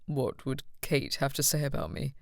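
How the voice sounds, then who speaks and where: A woman's voice: extremely low pitch, fairly even intonation, normal speed, gravelly, a little mellow, no echo, clean studio sound. A woman voicing an earnest young lord. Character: young noble heir, a man, blunt and earnest. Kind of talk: audiobook narration.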